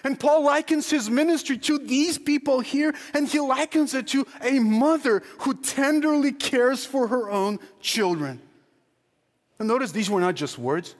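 High-voiced emphatic man preaching in a hall. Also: unhurried. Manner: emphatic, questioning, rising to near-shouts then dropping low. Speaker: pastor. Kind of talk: sermon. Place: church sanctuary. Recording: long hall reverb.

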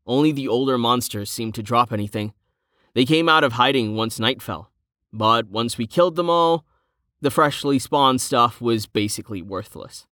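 A man's voice: mid-range voice, moderate pace, sharp tone, no room sound, studio quality, close to an everyday voice. A man narrating an audiobook voices a tired, practical young man who leads a company, speaking in a weary, wry way.

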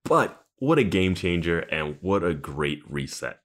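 A man's voice: low-pitched, very animated, unhurried. A man co-hosting a podcast, chatting casually and rambling through his points with frequent restarts. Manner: rambling, trails off and restarts, laughs between points. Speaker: podcast co-host. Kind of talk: casual chat.

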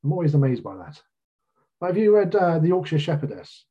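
Man, British accent, husky voice, casual chatty author, self-deprecating humour, slightly muffled recording. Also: on the high side, very animated, a little fast. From Britain. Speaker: author being interviewed. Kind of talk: casual interview chat.

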